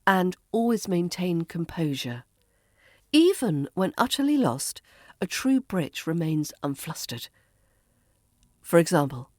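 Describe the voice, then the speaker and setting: Rp english woman teaching accent tips, lowish voice, crisp and measured, dry sound. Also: big pitch swings, darkish tone, dry recording. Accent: southern English RP. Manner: crisp, measured, instructive delivery. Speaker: accent coach and podcast host. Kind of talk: scripted accent lesson.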